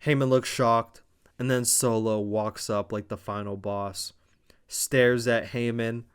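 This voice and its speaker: A man from Canada recapping a wrestling show in a casual vlog, telling it excitably with lots of swearing and fillers. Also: mid-range voice, slow pace, smooth.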